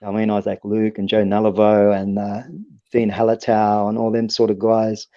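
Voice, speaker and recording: A man's voice: fairly low pitch, monotone, moderate pace, no room sound. An Australian man telling long stories as a guest on a casual interview podcast, rambling along with lots of fillers and restarts. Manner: rambling, laid-back, full of fillers and restarts. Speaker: guest musician. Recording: dull lo-fi podcast audio.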